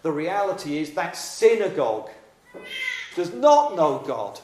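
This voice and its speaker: A man's voice: on the high side, wildly swooping pitch, measured pace, darkish tone, a little hiss or hum. A man preaching a sermon in a dramatic, emphatic yet conversational way. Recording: echoey room.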